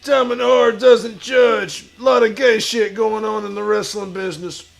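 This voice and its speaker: A man playing a crude, boastful washed-up pro wrestler who talks about himself in the third person and shouts his lines. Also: sits high, fairly even intonation, unhurried, faint music behind, heavily acted. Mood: swaggering bravado. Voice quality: gravelly, shouty bravado. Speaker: streamer in character. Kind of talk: improvised comedy stream.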